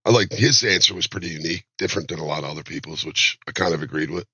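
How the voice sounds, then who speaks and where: Husky, bright low-voiced co-host. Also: male voice, rapid-fire, no echo, rough recording. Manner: easygoing, agreeable, loose. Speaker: podcast co-host. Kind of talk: casual podcast chat.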